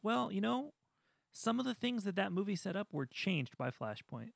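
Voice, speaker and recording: A man co-hosting a casual podcast chat, ranting with animated energy and mocking studio executives in voiced asides. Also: sits high, a little fast, vocal fry, dry recording. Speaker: podcast co-host.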